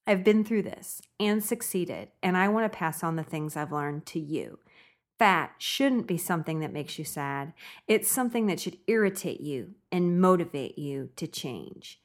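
A woman's voice: fairly low pitch, lively intonation, normal speed, faint music behind. A young woman hosting her own podcast in a bubbly, giggly way, laughing often as she talks. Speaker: podcast host. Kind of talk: upbeat solo podcast talk.

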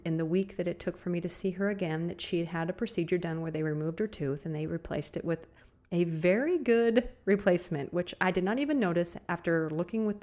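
A middle-aged woman hosting a motivational podcast, talking earnestly and repeating key phrases slowly for emphasis. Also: on the low side, a little mellow. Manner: earnest, repetitive, emphatic with slow stressed phrases. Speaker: podcast host. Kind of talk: motivational monologue.

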